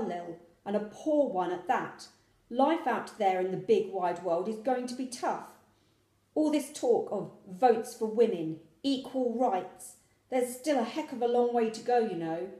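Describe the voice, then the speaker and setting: A woman reading a storybook, voicing a stern, worried working-class father who lectures forcefully. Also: fairly high pitch, expressive, measured pace, echoey room.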